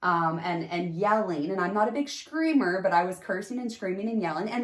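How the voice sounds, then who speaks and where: In an echoey room, an animated podcast host shares a personal story casually, speaking at a moderate pace with few pauses. When she quotes people, her voice leaps up into a high pitch.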